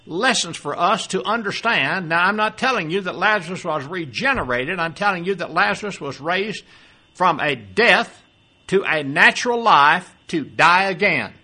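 A man's voice: high voice, expressive, normal speed, pushed and bright. An older man preaching a sermon, reading scripture aloud and explaining it, often asking the listeners questions. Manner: expository, quotes scripture then explains it, asks the audience questions.

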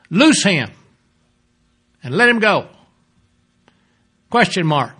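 A man preaching a sermon, emphatic, repeating key phrases and dropping low and soft toward the close. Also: big pitch swings, slow, long pauses, breathy edge.

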